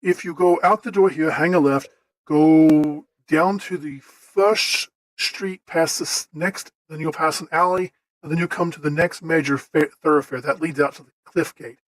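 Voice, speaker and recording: A man's voice: a little high, fairly even intonation, moderate pace, no echo, natural voice, poor audio. A man voicing a chatty, helpful male shopkeeper who rambles and hesitates with many fillers. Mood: explaining.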